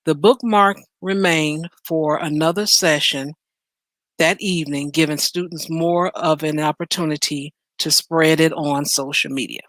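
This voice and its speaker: A woman hosts a casual reaction show, reading articles aloud and then riffing on them in an animated, joking way. The sound is dry and close, with no room echo. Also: low voice. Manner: animated, playful, reads headlines aloud then riffs. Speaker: host.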